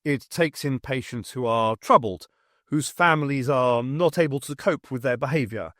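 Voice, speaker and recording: A man voicing a guarded country doctor in an audiobook, measured and cautious. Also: medium pitch, fairly bright tone, no room sound, clean studio sound, natural voice.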